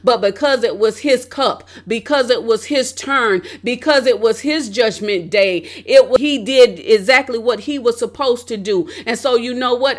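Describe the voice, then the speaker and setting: A woman hosting a podcast, preaching a sermon in a fervent, repetitive cadence that builds into loud prayer. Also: mid-range voice. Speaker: podcast host.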